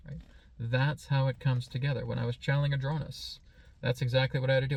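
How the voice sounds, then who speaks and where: A man giving a slow, calm spiritual teaching in a meditative, reflective manner. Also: medium pitch, a little hiss or hum. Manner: playfully mimics excited voices.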